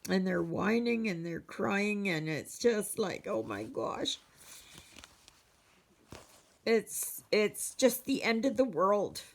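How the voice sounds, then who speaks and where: Slow, gravelly Canadian woman vlogger. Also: medium pitch, very animated. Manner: rambling, chatty storytelling with many fillers. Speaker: cross-stitch vlogger. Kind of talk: casual chat to viewers.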